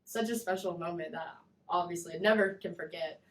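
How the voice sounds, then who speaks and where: A young woman telling animated stories in a casual chat as a guest, full of fillers. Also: on the low side, fairly quick, reverberant. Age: young adult. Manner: animated storytelling, acts out kids' voices, many fillers. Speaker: guest, former mascot performer.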